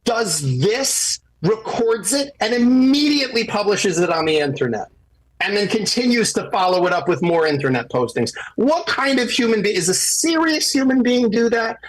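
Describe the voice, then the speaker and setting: A man with a high, husky voice talks as a guest attorney on a podcast. He tells his stories with animated energy, jumping into other people's voices as he goes. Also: poor audio. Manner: animated, acts out quotes.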